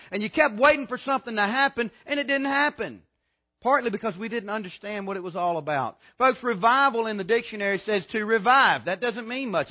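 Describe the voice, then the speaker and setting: A man's voice: very high-pitched, lo-fi sound. A man, preaching a revival sermon as a guest preacher and telling jokes in a folksy way. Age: 40s. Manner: folksy, joking storyteller. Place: church sanctuary.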